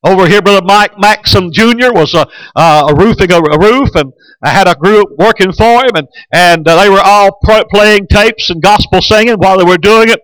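A man's voice: high voice, moderate pace, hardly any pauses, a bit bright, dry recording, low-quality recording. A man preaching a sermon as a pastor, telling stories in a folksy way and often hesitating. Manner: folksy storytelling with frequent hesitations.

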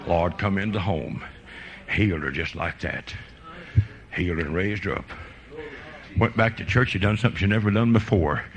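A man's voice: deep voice, normal speed, long pauses. A man preaching a sermon, telling folksy stories of faith with fervent energy.

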